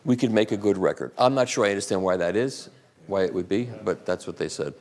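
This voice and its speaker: A man's voice: fairly low pitch, fast talker, a little mellow. A man at a live event, answering audience questions in a rambling, chatty way. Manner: rambling, chatty, with restarts and asides. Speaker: guest speaker at a live audiophile talk.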